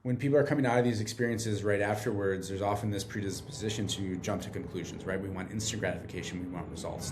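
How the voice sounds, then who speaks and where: A man's voice: lowish voice, a little fast, over music. A man speaking as a guest in a casual podcast conversation, earnest and explaining, often checking in with "right?". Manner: earnest, tags points with "right?". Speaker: guest, treatment center director.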